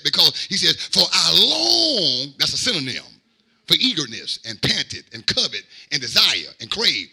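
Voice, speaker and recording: Fiery preacher with a lively, gravelly voice. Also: male voice, sits high. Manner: preaching with swings from quiet to shouting, drawn-out emphasis; call-and-response, repeats phrases. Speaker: pastor. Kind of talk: sermon.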